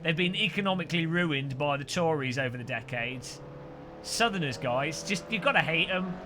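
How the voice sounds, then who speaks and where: Speaking at a normal pace, this Midlands man has a fairly high, expressive voice as he banters through live gaming commentary while racing. Engine sounds make the clip noisy.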